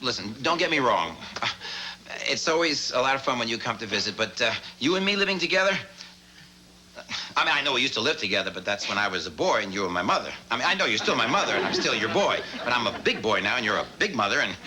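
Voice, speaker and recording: A man's voice: medium pitch, big pitch swings, fast, sharp tone, slight background noise, poor audio. An actor playing a flustered grown son in a sitcom who stammers and trips over his words. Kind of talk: sitcom acting.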